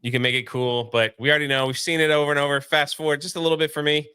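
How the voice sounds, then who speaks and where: A man's voice: fairly high pitch, level tone, racing, pushed and bright, clean tone, dry recording, clean studio sound. A man co-hosting a casual movie review chat, talking in a rambling, laid-back way with many fillers. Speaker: co-host of a movie review show.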